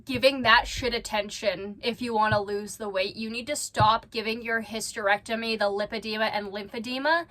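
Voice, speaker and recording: A woman with a fairly high voice doing reaction commentary for her vlog. She is blunt and swears freely, and she speaks straight to the person she is watching as if they could hear her. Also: fairly even intonation, moderate pace, few pauses, bright, forceful tone. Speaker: reaction vlogger.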